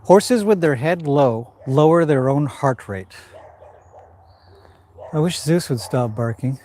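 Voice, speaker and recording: A man giving calm livestream commentary while training a horse in an indoor arena, talking to the horse and his viewers in turn. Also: on the high side, slow, slight background noise.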